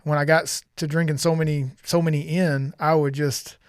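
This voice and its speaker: A man's voice: a little high, flat delivery, moderate pace, clean tone, no echo. A middle-aged man earnestly telling a personal story on a podcast, rambling and often restarting his sentences. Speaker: podcast guest sharing testimony.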